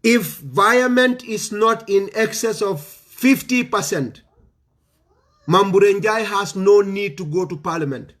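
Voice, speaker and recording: Forceful high-pitched Gambian man. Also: measured pace. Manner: forceful, repeats rhetorical questions. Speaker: political commentator. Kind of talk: impassioned political speech.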